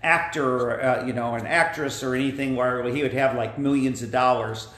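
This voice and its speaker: A man's voice: mid-range voice, steady tone, normal speed, a bit bright. A man hosting a children's church lesson with puppets, playful and joking in casual chat. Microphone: phone camera. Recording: echoey room, phone camera.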